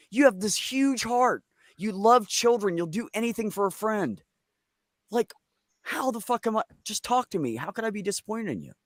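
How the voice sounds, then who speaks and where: A man's voice: high voice, fairly bright tone, no room sound, studio quality. A middle-aged man hosting a casual live chat, telling stories bluntly and with lots of swearing and joking. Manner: blunt, profane, joking storyteller. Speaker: livestream host.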